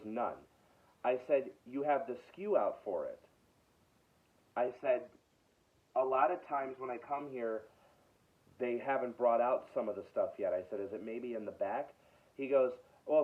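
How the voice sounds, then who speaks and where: A man hosting his own video, telling a frustrated story in a casual rant, stumbling and repeating himself. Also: medium pitch. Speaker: video host. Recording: tinny phone-like sound.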